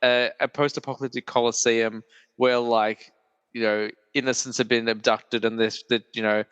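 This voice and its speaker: A man's voice: medium pitch, level tone, normal speed, fairly bright tone, smooth, dry recording, long reverb tail, muffled recording. A man hosting a film podcast, chatting casually with many "like" fillers and easy laughs. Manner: rambling, lots of "like" fillers, laughs often. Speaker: podcast host. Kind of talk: casual chat.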